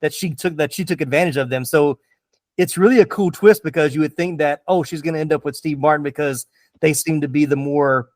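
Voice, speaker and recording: A man hosting a movie podcast in an easy, enthusiastic way, voice a touch higher than most men. He talks loosely with lots of fillers, recorded dry and close. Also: brisk, no echo. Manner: enthusiastic, chatty, many fillers. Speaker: podcast host. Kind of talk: casual movie podcast chat.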